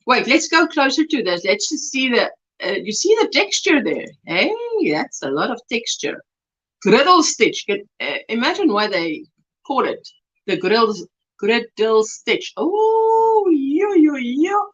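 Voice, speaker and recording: A woman chats casually on a home livestream, reading viewer comments aloud with frequent exclamations. Her voice sits high and swoops widely in pitch. The audio is dull and lo-fi, like a basic webcam mic. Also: sing-song, slow, a bit bright. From South Africa. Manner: effusive, reads chat aloud with exclamations and laughs. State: recovering from throat swelling. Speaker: livestream host.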